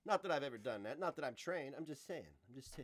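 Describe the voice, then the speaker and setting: A man's voice: a little high, expressive, fast talker, fairly bright tone. A man live-streaming, chatting loosely with viewers, joking and laughing often as he reads chat aloud.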